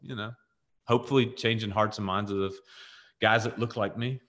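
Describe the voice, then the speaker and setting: A talkative man co-hosting a faith podcast, who spins his stories with lively swings in pitch. He keeps saying "like" and "right?" and acts out the people he quotes in their own voices. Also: moderate pace. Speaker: podcast co-host. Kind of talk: casual faith conversation, storytelling.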